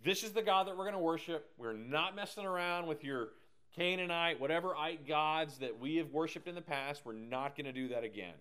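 A man's voice: on the high side, brisk, clear, resonant tone. A man teaching a casual Bible class with lots of energy, jokes and tangents. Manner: energetic, joking, digressive.

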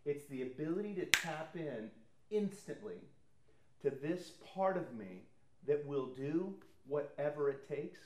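A pastor shares a sermon testimony, speaking conversationally about his own experiences and acting out what others said. His voice is a little high, expressive and a bit bright, with a measured pace, and the room is echoey.

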